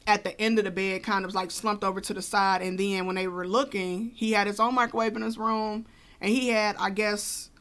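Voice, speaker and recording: A woman's voice: medium pitch, level tone, a little fast, a bit bright. A woman co-hosting a podcast, telling a personal story casually with many fillers and asides. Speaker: podcast co-host.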